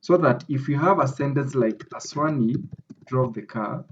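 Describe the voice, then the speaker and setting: An academic writing tutor with a Kenyan English accent covers grammar in a screen-recorded lesson, regularly asking "okay?". His mid-range voice moves at normal speed, and the lo-fi recording carries a little hiss or hum.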